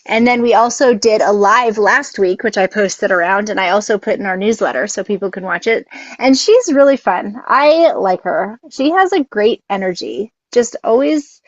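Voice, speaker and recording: A woman's voice: medium pitch, expressive, moderate pace, no echo. A woman co-hosting a casual live stream, rambling, laughing often and tripping over her words. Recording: dull, dry lo-fi sound.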